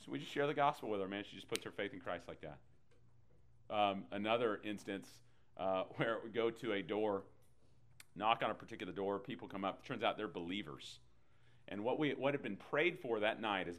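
A man's voice: fairly low pitch, brisk, a bit bright. A man preacher giving a sermon, telling stories animatedly with sudden bursts and chuckles.

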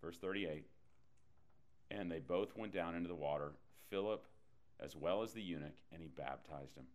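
A man's voice: sits low, normal speed. A man preacher giving a sermon, telling stories animatedly with sudden bursts and chuckles.

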